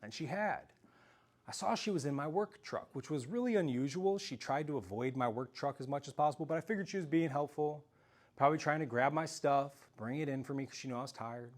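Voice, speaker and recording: Man, storytelling to a live crowd, animated, self-deprecating, slightly high voice. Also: brisk. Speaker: speaker giving a self-defense talk. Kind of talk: storytelling talk to a live audience.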